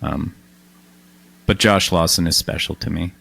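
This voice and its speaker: A man hosting a podcast in casual chat, animated and quick with self-deprecating asides. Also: sits low, creaky, breathy edge. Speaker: podcast host.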